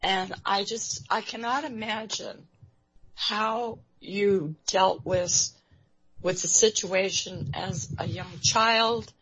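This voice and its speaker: A woman hosting an interview program, talking in a halting way with many fillers and restarts. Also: mid-range voice, steady tone, a bit bright, breathy edge. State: emotional, near tears. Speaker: radio show host. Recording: dull lo-fi recording.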